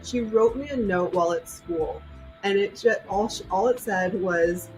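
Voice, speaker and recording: Woman host, casual chat, brisk animated storytelling, faint music behind. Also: mid-range voice, low-quality recording. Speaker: podcast host and mother.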